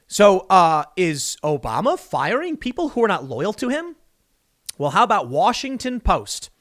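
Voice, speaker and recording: Animated man doing political commentary. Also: on the high side. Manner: emphatic, sarcastic, reads news excerpts aloud.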